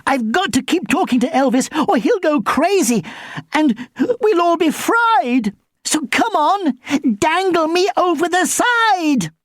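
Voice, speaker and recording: A woman's voice: very high-pitched, animated, takes it slowly, no room sound, studio quality, pitched above the performer's own voice, full character voice. A woman voicing a brave, earnest baby boy, urgent and pleading in a storybook reading.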